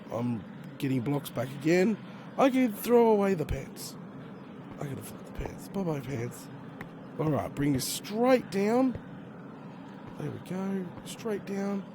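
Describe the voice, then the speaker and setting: An Australian man with a hoarse, failing voice, chatting casually to himself while he plays a game. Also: on the high side, background noise. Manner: chatty, muttering to himself with slang exclamations. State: hoarse, losing his voice. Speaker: gaming YouTuber. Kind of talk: casual gameplay commentary.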